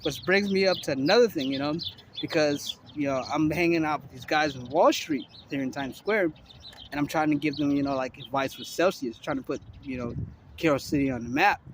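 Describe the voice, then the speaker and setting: A man in his forties from Miami, Florida, rambles to camera out on a city street, swearing freely and padding every thought with fillers. His voice sits a little high for a man. Faint traffic hums behind him. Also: brisk. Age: 40s. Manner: loose, profane, heavy filler talk. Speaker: vlogger. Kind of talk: rambling casual monologue to camera.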